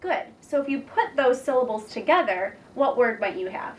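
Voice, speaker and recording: A young woman teacher demonstrating a reading lesson, patient and encouraging, speaking slowly and clearly. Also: a little high, lively intonation. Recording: distant mic with faint background noise.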